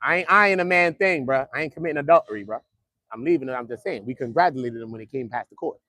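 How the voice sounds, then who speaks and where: A man streaming trial updates from outside a courthouse, joking in loose street talk that swings from loud to muttered. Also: mid-range voice, quick pace, no room sound, studio quality. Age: adult, at least 55. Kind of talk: casual live-stream chat. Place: outdoors near a courthouse.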